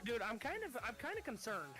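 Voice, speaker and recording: A woman's voice: a little high, wildly swooping pitch, fairly quick, a bit bright, soft background music. A woman playing a tabletop game who talks in a crude, profane, joking way during casual chat. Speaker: player.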